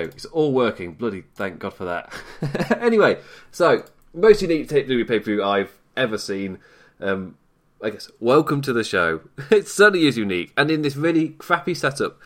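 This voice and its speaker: A young British man hosting a wrestling podcast from home, chatty and self-deprecating, laughing often while he talks. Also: mid-range voice. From Britain. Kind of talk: casual solo commentary. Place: at home in isolation. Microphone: desk mic off to one side.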